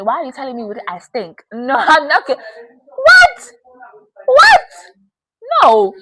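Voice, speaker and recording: A young woman hosts a casual advice chat, candid and animated, laughing often. Her voice is bright and forward, recorded dry and close with no room sound. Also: fairly high pitch, no echo, poor audio. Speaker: podcast host.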